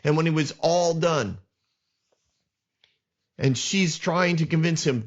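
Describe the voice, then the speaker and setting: A man on a podcast retells a Bible story and comments on it with passionate indignation. His voice sits a little high, and he often restarts his sentences. The audio is dull and lo-fi. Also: slow pace, pauses often. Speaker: podcast host.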